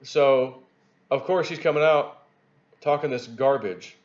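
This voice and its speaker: A man giving rambling political commentary on his video channel, animated and repeating himself as he talks. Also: medium pitch, measured pace, muffled recording. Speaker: YouTube commentator.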